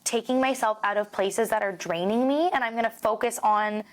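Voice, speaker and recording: A woman's voice: on the high side, a little fast. A woman in her thirties, a realtor guest on a podcast, talking openly and emotionally in a casual conversation, with plenty of "like" and the odd swear word. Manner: open, emotional, peppers speech with "like" and swearing.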